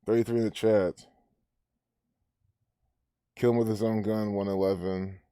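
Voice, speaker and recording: A man's voice: lowish voice, little pitch movement, measured pace, dark tone, clean tone, dry recording, studio quality. A man hosting a live stream, ranting and rambling with many restarts as he comments. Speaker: livestream host.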